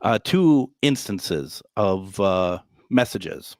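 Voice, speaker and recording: A male radio host with a lowish voice chats casually with callers from a hotel room. He rambles and jokes, stacking up fillers and restarts. The sound is close and dry. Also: sing-song, very slow, no room sound. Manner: rambling, filler-heavy, joking. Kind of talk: casual call-in radio chat.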